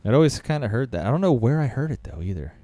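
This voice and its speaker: A man's voice: mid-range voice, big pitch swings, fast talker, warm tone, no echo. A man co-hosting a podcast, chatting loosely with lots of filler words and swearing. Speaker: podcast co-host. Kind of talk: casual chat about movies.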